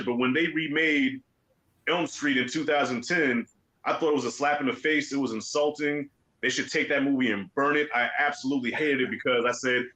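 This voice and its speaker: Bright-voiced, blunt, opinionated man. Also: on the high side, rough recording. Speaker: show host. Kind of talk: casual film discussion.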